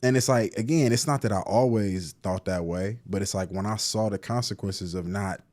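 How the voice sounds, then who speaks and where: He speaks in a low, slightly mellow voice at a moderate pace. The speaker is a Cleveland, Ohio therapist and poet in his thirties, appearing as a guest in a casual interview and telling stories in slangy talk riddled with restarts and filler words.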